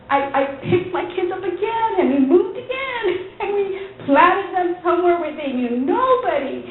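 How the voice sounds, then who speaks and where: A woman, a pastor's wife, tells her church testimony to a women's group as an animated story, acting out the dialogue and laughing often. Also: very high voice, normal speed, few pauses, a little hiss or hum. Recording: tinny, phone-like recording in an echoey hall.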